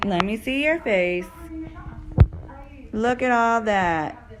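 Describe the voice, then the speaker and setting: A woman's voice: fairly high pitch, expressive, slow pace, noisy background. A woman in her thirties, a mother filming a casual home vlog, talking bluntly to her kids and cooing at the family dog. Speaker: mother and vlogger.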